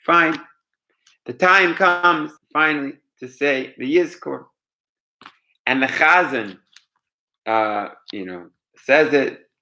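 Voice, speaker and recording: A man telling a true story aloud, animated, with dramatic pauses. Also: fairly high pitch. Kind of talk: oral storytelling.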